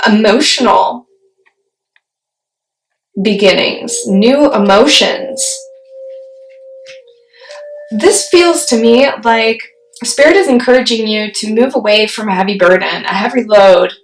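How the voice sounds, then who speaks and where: Slow, gravelly-voiced woman reading tarot. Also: a little high, a little hiss or hum. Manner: slow, musing, talks to spirit mid-reading. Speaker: tarot reader. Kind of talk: solo tarot reading to camera. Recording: roomy echo.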